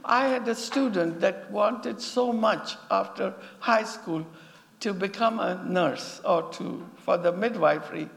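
A woman who founded a girls' school, telling stories to an audience in an animated way and repeating phrases for emphasis. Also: medium pitch, measured pace, creaky, in a large hall. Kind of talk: storytelling talk to an audience.

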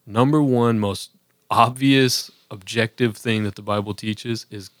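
Earnest rambling man, low and dry. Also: fairly even intonation, measured pace, fairly bright tone, no room sound. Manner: earnest, rambling with many fillers and restarts. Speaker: podcast co-host. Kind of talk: casual faith discussion.

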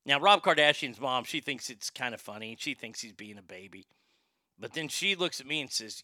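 A man spinning a casual, profane anecdote, his voice strikingly bright and forward. The sound is dry and close, with no room around it. He talks loosely and restarts his sentences as he goes. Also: mid-range voice, animated, a little fast, no room sound. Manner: profane, conversational, with frequent restarts.

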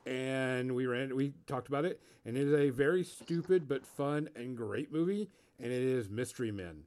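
A man's voice: mid-range voice, moderate pace, hardly any pauses, a little mellow. Easygoing man chatting about movies. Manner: easygoing, laid-back storytelling. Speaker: podcast co-host. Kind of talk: casual movie review chat.

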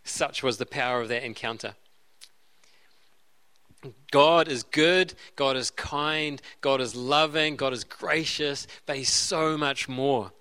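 A man's voice: medium pitch, takes it slowly, pushed and bright, clear, resonant tone. A man preaching a sermon in an earnest way, often repeating and restarting his phrases. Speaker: pastor.

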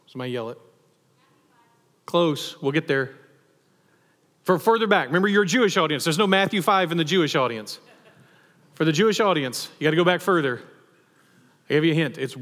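A man preaching a sermon as pastor, animated and asking the congregation questions. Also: a little high. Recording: long hall reverb.

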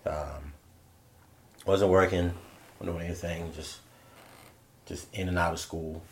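Deep-voiced man telling stories. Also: steady tone. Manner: halting, frequent restarts and self-corrections. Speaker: podcast guest, BMX rider. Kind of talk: casual storytelling interview.

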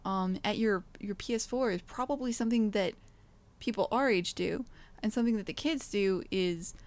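A woman's voice: mid-range voice, moderate pace. A woman co-hosting a podcast in casual chat, rambling and joking with lots of fillers. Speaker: podcast co-host, game developer.

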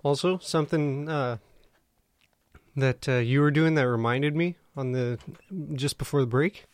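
A man co-hosting a comedy podcast, rambling through stories and laughing often between quick jokes. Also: medium pitch, no echo, clean studio sound. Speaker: podcast co-host. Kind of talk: casual comedy chat.

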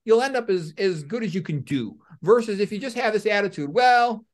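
A middle-aged man, a doctor, giving blunt, animated opinions in an interview and acting out little scenes. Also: sits high, a little fast. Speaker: medical doctor guest.

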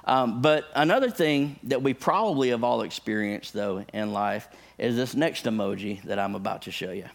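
A man who is a pastor, telling a funny personal story as part of a sermon, animated, with his voice jumping up high when excited. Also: moderate pace, gravelly, hardly any pauses.

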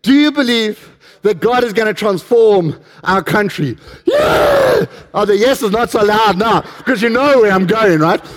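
Male preacher, high voice, animated storytelling sermon with questions to the crowd. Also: moderate pace.

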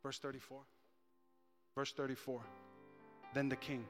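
A man preaching in a church with a high, bright, sharp voice, swinging between loud fervor and near-whispers and repeating lines for emphasis. His voice rings out through a hall with a long echo. Soft music plays behind him. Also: normal speed. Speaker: pastor. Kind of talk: sermon. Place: church sanctuary.

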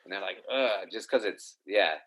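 A man with a crisp, bright tone talks casually as a guest. He halts often and repeats words while he gathers his thoughts. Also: mid-range voice, fairly quick, rough recording. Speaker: guest fighter. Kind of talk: casual chat.

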